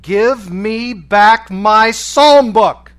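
A man's voice: fairly high pitch, fairly even intonation, moderate pace, lightly acted. A man voicing a defiant imprisoned man who insists on getting his book back. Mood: desperate. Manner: stubborn, insistent.

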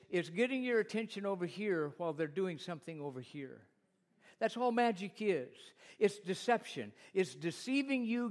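A middle-aged man delivers a sermon in a fairly high voice. He speaks directly to the congregation, asks rhetorical questions and tells stories from his years as a pastor.

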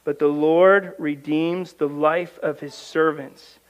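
High-voiced preacher with dramatic swings. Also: male voice, fairly even intonation. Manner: reads scripture aloud and breaks in with emphatic commentary; swings from quiet, low asides to loud, high, drawn-out emphasis. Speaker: pastor. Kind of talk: sermon.

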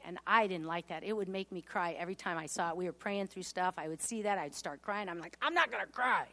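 Woman, testimony sermon, earnest, heartfelt, reads scripture aloud, soft and low on painful parts. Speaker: speaker giving a personal testimony.

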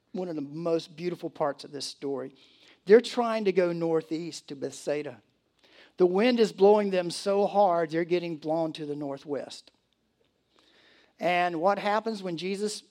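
A man's voice: sits high, darkish tone. A male pastor delivering a sermon in a church, telling stories animatedly with laughs and acted asides.

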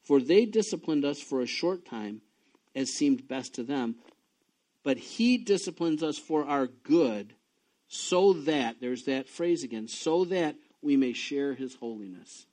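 Animated preacher man with a lively voice. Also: a little slow. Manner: animated, swings from low and quiet to high and loud when excited; reads scripture aloud between personal asides. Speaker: pastor. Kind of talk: sermon.

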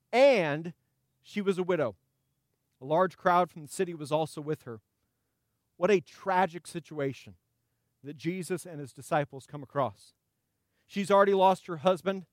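A man's voice: high voice, a little slow, no echo, studio quality. A man preaching a sermon as pastor, reading scripture and breaking into playful, conversational asides.

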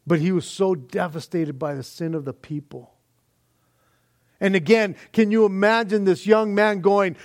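Preaching at a normal speed in a high voice, this male pastor takes a folksy, conversational approach. He works through his passage at length, frequently dropping "man" and listing word meanings one after another.

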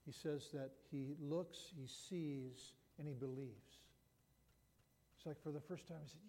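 The sermon retells a Bible story, delivered by a pastor whose slightly high, mellow voice moves a little slowly. He talks conversationally and restarts often, with a long hall reverb around him.

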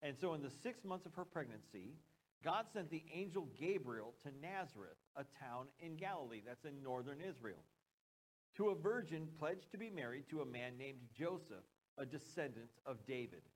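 Man, American accent, pastor, sermon, conversational, fairly high voice. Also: animated, moderate pace, poor audio. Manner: conversational, with joking asides and questions to the congregation.

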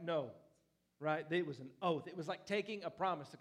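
A young man preaches a lively sermon in a church. His voice sits a bit above the usual pitch, and he moves from loud bursts to softer asides with a playful touch. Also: a little fast. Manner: animated, playful preaching with lively swings in loudness. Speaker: pastor.

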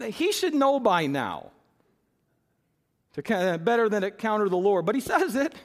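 A high-pitched man delivers a sermon, pressing his listeners with emphatic rhetorical questions. His voice rings out with a long reverb tail, as if he is in a large sanctuary. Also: wildly swooping pitch, measured pace, pauses often. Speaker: preacher.

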